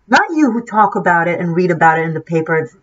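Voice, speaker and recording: A woman's voice: lowish voice, sing-song, fast, breathy edge. A woman tarot reader giving an impassioned, preachy monologue, swearing freely and restarting her sentences often. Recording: dull lo-fi sound.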